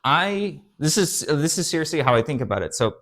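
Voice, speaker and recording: A man's voice: a little high, very animated, brisk, a bit bright, slight background noise. A young man hosting his own channel, talking casually and earnestly, rambling with fillers and restarts as he explains his views. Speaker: eBay reseller, channel host. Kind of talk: casual talk to camera while drawing on a board.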